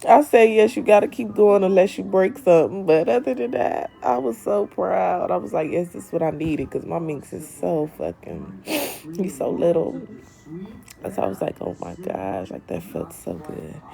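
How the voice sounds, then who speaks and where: A woman's voice: mid-range voice, moderate pace, vocal fry, dark tone. A young woman hosting a casual livestream from home, chatting with viewers in a sassy way and calling them honey and queen. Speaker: livestream host. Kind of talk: casual livestream chat reading comments.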